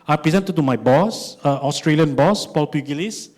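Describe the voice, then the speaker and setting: A man in his forties with a Malaysian English accent, giving an animated conference talk, telling stories and asking rhetorical questions. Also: a little high, normal speed, hardly any pauses. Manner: animated storytelling, lots of rhetorical "right?". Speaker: conference speaker.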